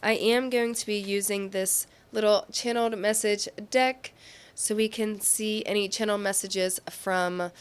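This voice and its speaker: A woman's voice: mid-range voice, fairly even intonation, a little slow, clean tone. A woman giving a casual tarot reading, bubbly and giggly, full of affirmations. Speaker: tarot reader and medium.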